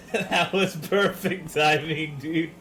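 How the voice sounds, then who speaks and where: A man's voice: on the high side, fairly even intonation, very slow, a bit bright, faint music behind. A man streaming a video game, chatting casually with his viewers in profane, joking banter. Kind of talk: casual chat with viewers while gaming.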